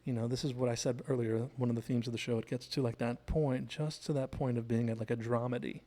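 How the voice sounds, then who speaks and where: A man's voice: medium pitch, fairly even intonation, fast talker, warm tone. A man chatting through a TV episode scene by scene, recapping the plot and digressing along the way. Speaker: TV show analysis host. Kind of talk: casual scene-by-scene commentary.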